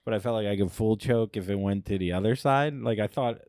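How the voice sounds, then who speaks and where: A man's voice: lowish voice, a little fast, darkish tone, dry recording, clean studio sound. A young man co-hosting a comedy podcast, telling a rambling story in casual chat, laughing often and acting out his own lines. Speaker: podcast co-host.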